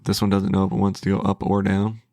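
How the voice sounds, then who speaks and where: A man's voice: sits low, completely flat delivery, fast, mellow, dry recording, studio quality. A man giving casual, hesitant commentary as a trading channel host, thinking aloud with restarts.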